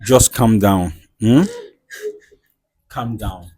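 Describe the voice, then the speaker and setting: A man hosting a comedy skit in his studio, soothing his guest with repeated calming words. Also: fairly low pitch, very slow, breathy edge, poor audio. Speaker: host.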